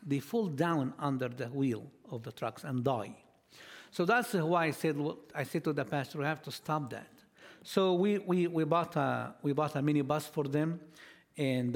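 Halting man giving a missions talk. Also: on the high side, vocal fry. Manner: halting, repeats words, reads scripture slowly and emphatically. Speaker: missionary speaker. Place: church.

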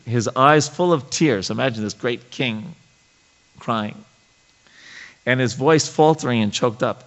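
A man leading a scripture study class, reading passages aloud and explaining them in a halting way, with many fillers and restarts. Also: mid-range voice, creaky, low-quality recording.

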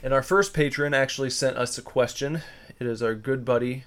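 A man's voice: medium pitch, steady tone, fairly quick, fairly bright tone. A man co-hosting a podcast, chatting loosely and rambling with fillers. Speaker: podcast co-host. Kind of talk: casual podcast chat.

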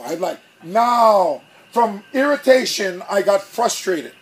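A pastor preaching a sermon, telling a story with animation and acting out both sides of an argument. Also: male voice, very high voice, normal speed, few pauses, breathy edge.

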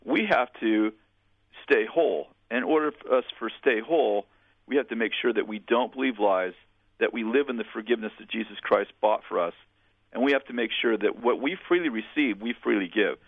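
A man's voice: medium pitch, fairly quick, dry recording. A man speaking as a pastor and interview guest, telling earnest, plainspoken stories with frequent restarts. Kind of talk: storytelling in a radio interview. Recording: tinny phone line.

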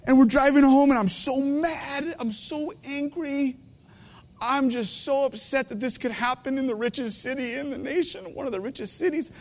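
A man in his thirties preaching a heartfelt sermon, tearful, his voice swinging between hushed and intense. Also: very high voice, fairly quick, in a large hall. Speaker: pastor. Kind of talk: emotional sermon.

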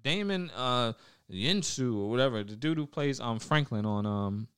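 A man's voice: mid-range voice, expressive, moderate pace, fairly bright tone, smooth, no room sound, clean studio sound. A young man hosting a casual podcast, talking loosely with lots of swearing, trailing off and restarting. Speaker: podcast host.

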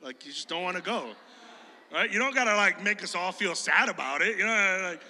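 A man from Chicago preaching a sermon in a church hall, animated and conversational, joking and telling stories to his congregation. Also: high voice, a little fast. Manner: animated, conversational, jokey storyteller.

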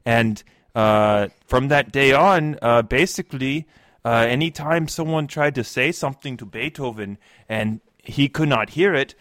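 A man in an improvised comedy podcast bit, rambling through a story with lots of pauses and fillers. His voice sits in a middle pitch. The recording is close and dry, with no room sound. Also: fairly bright tone, dry recording. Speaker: improv guest playing Beethoven's assistant.

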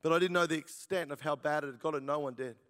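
A man's voice: on the high side, fairly even intonation, fast talker, fairly bright tone. A man, preaching his testimony as a jokey storyteller who laughs at his own lines. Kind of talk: sermon testimony. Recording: reverberant church hall.

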